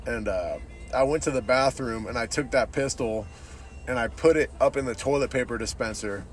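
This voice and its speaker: Male podcast host, mid-pitched, casual rant, heavy swearing, opinionated and blunt. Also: normal speed. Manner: profane, says "dude" constantly.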